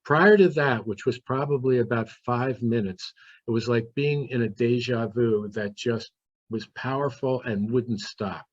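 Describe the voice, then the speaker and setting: A man's voice: mid-range voice, a little slow, no echo. Earnest male storyteller, dull dry recording. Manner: earnest, vivid retelling with inner monologue. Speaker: guest. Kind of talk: personal storytelling.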